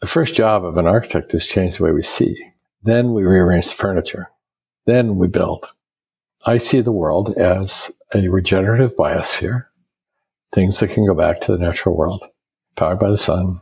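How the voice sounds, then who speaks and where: A man's voice: sits low, moderate pace, vocal fry, slightly rough, rough recording. An older American man, an architect, telling stories and explaining ideas in a reflective interview. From United States. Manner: reflective, storytelling, quotes others in lively voices. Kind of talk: conversational interview.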